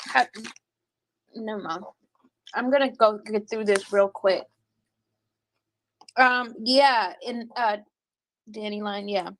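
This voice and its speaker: A woman livestreaming and reading her chat, talking bluntly with lots of cursing and quick laughs. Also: mid-range voice, a little hiss or hum. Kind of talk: casual livestream commentary.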